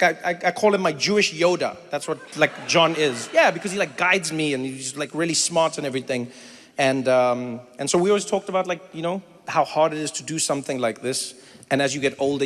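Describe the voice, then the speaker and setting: A man from South Africa doing stand-up, telling a story and chatting with the crowd, acting out other people's voices. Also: a little high. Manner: animated, acts out voices of others. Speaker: comedian and host. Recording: live venue with long reverb and faint noise.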